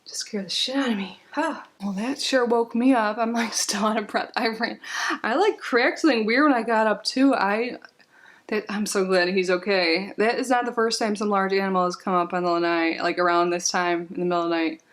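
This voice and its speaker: A woman's voice: medium pitch, fairly even intonation, brisk, fairly bright tone. A woman vlogger sitting on the floor at home, chatting casually as she unboxes a package, rambling and giggling with lots of "like"s.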